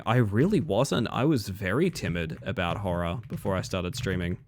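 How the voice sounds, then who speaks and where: A man with a somewhat low voice chats casually to his stream audience between game runs. He sounds tired but easygoing, rambling and answering viewers as he plays. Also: moderate pace, a little hiss or hum. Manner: relaxed, chatty, talks to chat between runs. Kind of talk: casual gameplay commentary.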